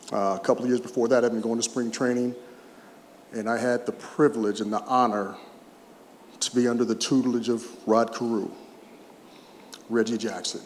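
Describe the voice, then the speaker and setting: A man around sixty speaks at a podium in a large hall, his mid-pitched voice carrying a long reverb tail over a faint murmur of ambience. He mixes heartfelt, emotional moments with humorous stories. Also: a little mellow, slight background noise. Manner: emotional, humorous storyteller who chokes up at times. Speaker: retired baseball player giving an awards speech. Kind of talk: heartfelt public speech with anecdotes.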